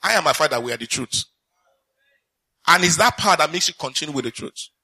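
A man's voice: fairly high pitch, animated, brisk, creaky, bright, forceful tone, husky. A man preaching a sermon, reading scripture aloud, repeating lines for emphasis and putting questions to the congregation.

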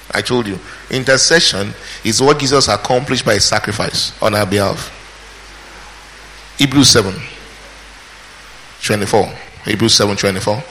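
A man preaching a verse-by-verse Bible teaching, pausing to quiz the congregation with call-and-response questions. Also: medium pitch, bright, forceful tone, a little hiss or hum. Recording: hall reverb, faint ambience.

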